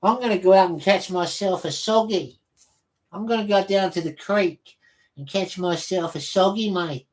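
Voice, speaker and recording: A brash Australian bloke heading down to the creek to fish, as a man puts him on. The voice is broad and twangy with a put-on Australian accent, pitched well above the speaker's normal voice. It sounds like a cheerful pub caricature. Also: moderate pace, natural voice. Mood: jolly. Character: brash adult male Australian bloke fishing.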